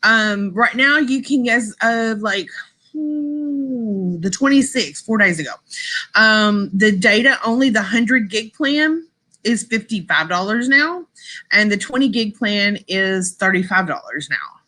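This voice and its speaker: A woman's voice: medium pitch, lively intonation, slow, pushed and bright. A woman hosting a casual live stream, chatting and rambling to her viewers, laughing often and saying y'all.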